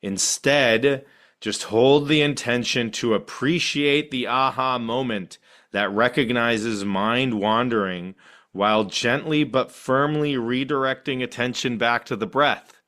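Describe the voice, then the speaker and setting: A middle-aged man teaching a meditation class, animated and laughing often, with playful asides. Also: mid-range voice, measured pace.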